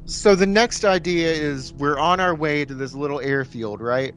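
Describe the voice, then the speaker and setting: A man's voice: fairly high pitch, moderate pace, fairly bright tone. A man co-hosting a casual podcast, talking loosely about a movie and reviewing a beer. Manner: laid-back, conversational, swears casually. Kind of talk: casual chat.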